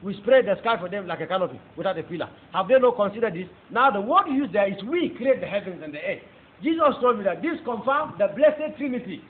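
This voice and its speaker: A man's voice: sits high, animated, quick pace, hardly any pauses. A man with a Nigerian accent giving a fervent testimony sermon, whose first language is Hausa. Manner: fervent, emphatic storytelling. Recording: tinny phone-like recording with faint noise.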